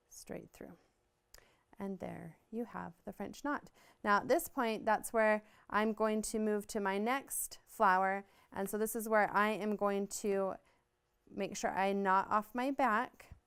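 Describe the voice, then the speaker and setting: Woman walking you thru embroidery stitches, super clear voice, friendly and easy. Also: medium pitch. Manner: friendly step-by-step explaining. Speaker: embroidery instructor. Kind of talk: hands-on craft tutorial.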